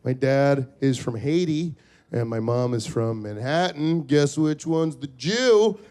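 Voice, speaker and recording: A man's voice: medium pitch, animated, slow, a little mellow. A man doing a stand-up set in a comedy club, crude and rambling, slipping into goofy voices. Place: comedy club stage before a laughing crowd. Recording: live club recording with crowd and hum.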